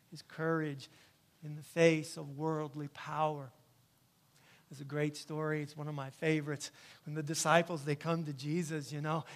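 A male pastor preaching a sermon in church, emphatic and repetitive, often checking in with "right?". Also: fairly high pitch.

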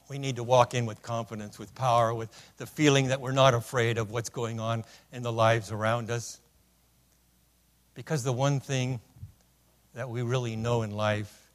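A man preaching a sermon, telling stories with punchlines and swinging between loud declarations and hushed lines. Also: medium pitch. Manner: storytelling with punchlines. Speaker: pastor.

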